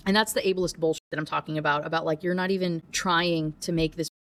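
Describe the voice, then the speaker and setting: A woman's voice: fairly low pitch, a little fast. Woman, young adult, casual book review rant, chatty, asides.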